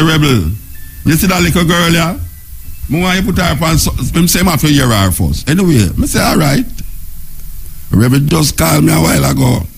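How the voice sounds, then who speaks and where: A middle-aged man with a Jamaican accent, hosting a radio show in casual, excited patois talk. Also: fairly high pitch, gravelly, a little hiss or hum. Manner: excited, laughing, patois chatter. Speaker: radio host. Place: radio studio.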